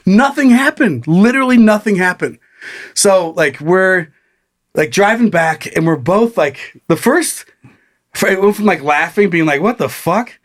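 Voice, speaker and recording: Male podcast co-host, higher-pitched, animated storyteller who laughs a lot and acts out quotes. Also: unhurried. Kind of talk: casual storytelling chat.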